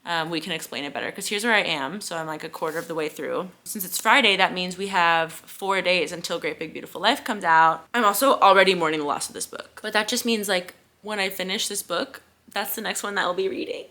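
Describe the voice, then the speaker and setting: A woman's voice: fairly low pitch, fairly quick, few pauses, pushed and bright. A young woman chatting casually in a reading vlog, gushing and bubbly, with lots of "like" and "y'all". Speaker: book vlogger.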